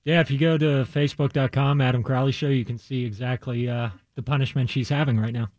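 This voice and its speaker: Quick-talking producer guy, dry studio sound, wry little asides. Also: mid-range voice, fairly even intonation, a little mellow, no room sound. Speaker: radio show producer. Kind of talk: casual studio banter.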